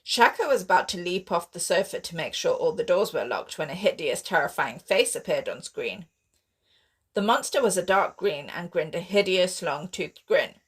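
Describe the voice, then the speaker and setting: A woman author reading her own sci-fi horror novel aloud in steady, expressive audiobook narration. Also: fairly low pitch, normal speed, husky.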